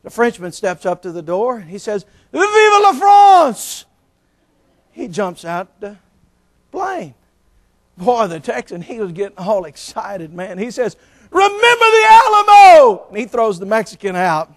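A man's voice: sits high, normal speed. A middle-aged man preaching a sermon as pastor, telling folksy jokes and stories. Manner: folksy, joking, storytelling.

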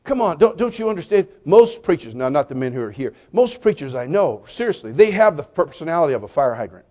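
A man preaching a sermon, telling jokey stories with lively swings between loud punchlines and quiet, earnest appeals. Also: fairly high pitch, quick pace. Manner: animated, joking storytelling with sudden drops to quiet appeals.

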